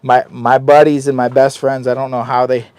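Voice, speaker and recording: A man's voice: medium pitch, level tone, moderate pace, darkish tone, smooth, dry recording. A man hosting a casual livestream from a hot tent, hyper and self-mocking as he talks to his chat. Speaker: livestream host. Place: hot tent while camping in wind and rain.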